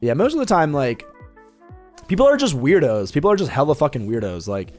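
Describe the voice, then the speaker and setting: Young dude streaming a game, cussy and animated, super expressive voice. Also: male voice, mid-range voice. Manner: profane, rambling, animated. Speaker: gaming streamer. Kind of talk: casual storytelling while gaming.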